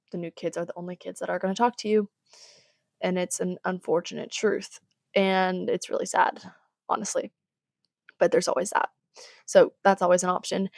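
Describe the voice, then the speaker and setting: A woman's voice: medium pitch, darkish tone, no echo, clean studio sound. A teenage girl hosting a podcast, giving casual advice in a chatty, rambling way with sighs and exasperated asides. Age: teens. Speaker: podcast host.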